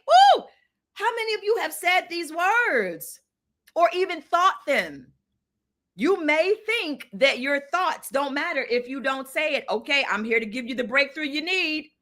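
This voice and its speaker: A woman's voice: high-pitched, pushed and bright. A woman hosting a live motivational stream, speaking emphatically to her chat, repeating phrases and often asking "right?". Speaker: host of a live mindfulness stream.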